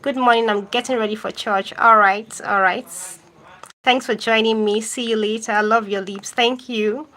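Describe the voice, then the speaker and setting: A woman's voice: on the high side, steady tone, normal speed, bright, forceful tone, a little hiss or hum, low-quality recording. A woman hosting a live stream, reading viewer comments aloud and answering them directly, repeating phrases for emphasis. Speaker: YouTube host reading live chat.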